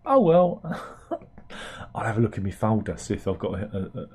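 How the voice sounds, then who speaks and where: A low-ish, slightly rough and a little mellow voice swoops wildly in pitch at a normal speed as this British satirical news host talks. His delivery is rambling and wry, with lots of fillers and restarts, like he's muttering to himself.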